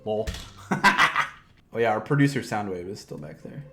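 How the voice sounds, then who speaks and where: A man's voice: on the low side, animated, normal speed, a little mellow, slight background noise. A man chatting playfully in a casual toy review vlog, joking at himself while he assembles a figure. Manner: playful, goofy, self-mocking chatter; talks while handling a toy.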